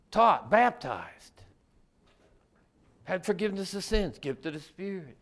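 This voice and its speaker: High-voiced man preaching a folksy sermon. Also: very animated, measured pace, fairly bright tone. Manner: colloquial and conversational, rhetorical questions. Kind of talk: folksy Bible-teaching sermon.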